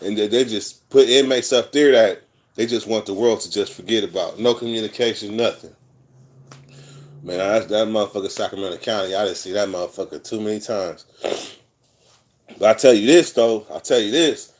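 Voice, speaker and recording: A man's voice: lowish voice, moderate pace, darkish tone. Profane, rambling man. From California. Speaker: vlogger telling prison stories. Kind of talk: casual storytelling monologue.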